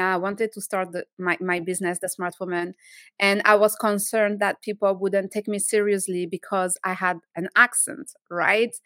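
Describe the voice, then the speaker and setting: A woman with a French accent, whose first language is French, hosting a podcast in an earnest, slightly halting way. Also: medium pitch, fairly bright tone, dry recording. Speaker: podcast host. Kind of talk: podcast interview.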